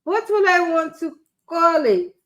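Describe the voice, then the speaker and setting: A woman's voice: very high-pitched, sing-song, measured pace, a bit bright. A woman hosting a casual screen-share tutorial, thinking aloud, chatting and laughing at her own jokes. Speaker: life coach and tech tutorial host.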